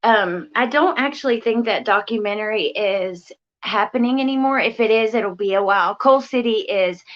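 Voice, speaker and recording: A young woman, hosting a casual livestream chat, speaking softly and haltingly with many pauses and fillers. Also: mid-range voice. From West Virginia, USA. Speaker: livestream host. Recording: lo-fi, muffled stream audio.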